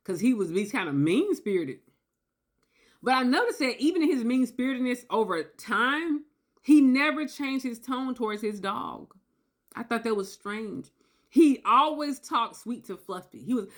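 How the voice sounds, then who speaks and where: A woman talking straight to her viewers in a casual, animated storytelling monologue, acting out quotes and often tagging points with "okay?". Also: mid-range voice, a little fast. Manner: animated, acts out quotes, tags lines with "okay?". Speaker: video creator.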